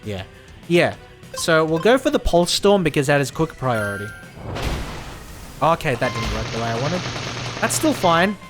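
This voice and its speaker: A VTuber streamer plays a video game live, chatting, laughing and reading character lines aloud as he comments. His voice runs on the high side and is very animated, with a moderate pace, long pauses and music playing in the background.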